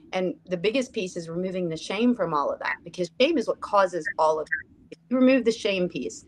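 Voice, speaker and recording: A woman's voice: medium pitch, a bit bright, slight background noise. A woman speaking on a roundtable panel, earnest, often checking in with "right?". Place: room with a group.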